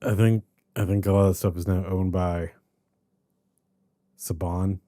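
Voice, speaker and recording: A man co-hosting a podcast, chatting casually about a movie in a rambling, animated way that keeps trailing off and restarting. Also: low voice, measured pace. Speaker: podcast co-host. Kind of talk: casual movie review chat.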